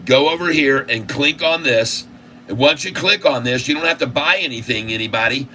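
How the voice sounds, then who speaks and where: Pushed and bright, his medium-pitched voice moves at a moderate clip as he hosts live stock commentary. He keeps insistently repeating himself while listing price after price, and the distant mic picks up a light air conditioning hum.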